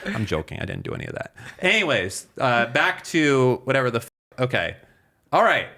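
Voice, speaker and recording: A man's voice: medium pitch, big pitch swings, moderate pace, bright, forceful tone. A man co-hosting a podcast in casual chat, telling a long story with many fillers, restarts and swearing. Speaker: podcast co-host.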